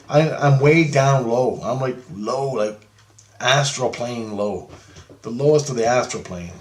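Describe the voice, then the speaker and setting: A man telling a rambling, profane story about a dream, animated and laughing often. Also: mid-range voice, slow pace, pauses often. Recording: roomy echo.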